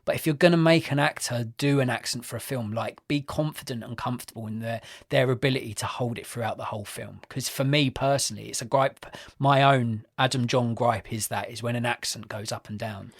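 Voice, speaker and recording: A man's voice: mid-range voice, a little fast, few pauses, no room sound, clean studio sound. A man co-hosting a podcast, reviewing films in casual, opinionated chat and swearing often. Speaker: podcast co-host.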